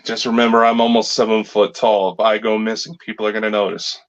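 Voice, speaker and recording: Deadpan teasing man, lo-fi sound. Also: fairly low pitch, quick pace. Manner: dry teasing, deadpan jokes. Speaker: podcast co-host. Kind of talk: casual banter.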